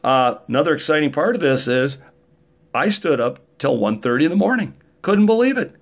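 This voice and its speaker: A man's voice: a little high, big pitch swings, brisk. Rambling middle-aged man joking. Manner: rambling, joking, rough-edged storytelling. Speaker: vlogger. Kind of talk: casual monologue.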